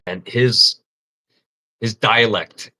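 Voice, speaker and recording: A man spins crude, lively anecdotes on his livestream, often cracking himself up. His voice has a sharp, bright edge that cuts through his casual chatter. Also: fairly low pitch, very slow. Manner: crude, animated storytelling, laughing often. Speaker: livestream host.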